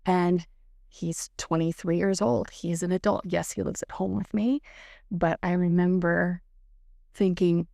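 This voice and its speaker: A middle-aged woman sharing a personal faith testimony as a guest, telling it in an earnest, animated way with many "like"s. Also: on the low side, measured pace, vocal fry, no echo, studio quality.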